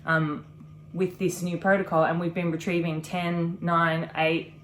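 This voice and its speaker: A woman's voice: lowish voice, flat delivery, a little slow, fairly bright tone, slight background noise. A woman in her thirties chatting casually on a vlog, earnest and reflective, talking in long run-on sentences. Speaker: vlogger. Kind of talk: casual chat.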